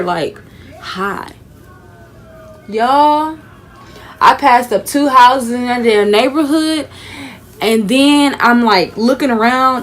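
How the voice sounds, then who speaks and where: Woman, young adult, casual storytime, animated chatty telling, tired. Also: fairly high pitch. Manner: chatty, animated storytelling with frequent fillers and asides. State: tired, sleepy. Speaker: vlogger.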